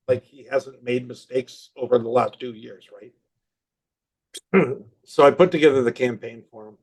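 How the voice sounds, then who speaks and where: A man in his sixties, a marketing consultant, telling animated stories with quoted dialogue in a podcast interview. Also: medium pitch, normal speed, husky.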